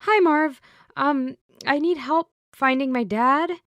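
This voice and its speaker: A woman's voice: high-pitched, takes it slowly, fairly bright tone, no room sound, pitched above the performer's own voice. An anxious young woman, as the narrator voices her, urgent and pleading. Her voice rises above the narration, close and dry.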